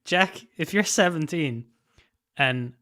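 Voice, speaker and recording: A man's voice: a little high, animated, slow pace, sharp tone. Laughing, teasing man hosting a podcast. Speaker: podcast host. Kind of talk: casual chat.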